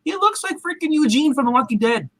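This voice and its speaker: Bright, high-voiced man chatting casually. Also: lively intonation, quick pace, poor audio. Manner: rambling, restarts, frequent "you know". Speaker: movie reviewer. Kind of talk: casual movie review chat.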